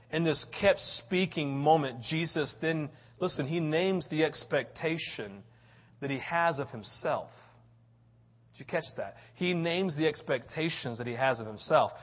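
A man preaching a sermon, telling a personal story with lively swings from excited and loud to low and quiet. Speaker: pastor. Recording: dull lo-fi audio.

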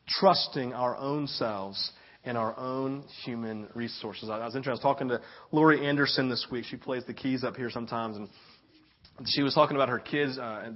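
Middle-aged pastor preaching with rising fervor. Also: male voice, a little high. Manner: repeats key phrases, rises and swells in loudness for emphasis; folksy storytelling with frequent tag questions. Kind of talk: sermon. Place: church sanctuary. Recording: dull lo-fi church recording.

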